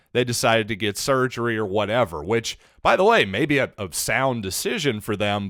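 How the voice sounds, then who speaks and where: A man hosting a solo sports podcast, talking in an animated, sarcastic way with rambling asides into a close mic. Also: medium pitch, no echo. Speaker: podcast host.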